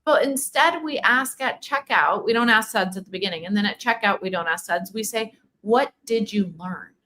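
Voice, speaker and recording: A middle-aged woman, speaking as a clinician in a casual livestream talk, animated and chatty with lots of fillers. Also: medium pitch, moderate pace. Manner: animated, conversational, many fillers and quoted dialogue. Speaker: OCD clinician and program leader.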